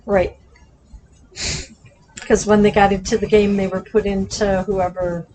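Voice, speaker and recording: A woman co-hosting a casual movie chat, direct and quick to push back on her partner. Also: medium pitch, level tone, warm tone, a little hiss or hum, rough recording. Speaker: co-host.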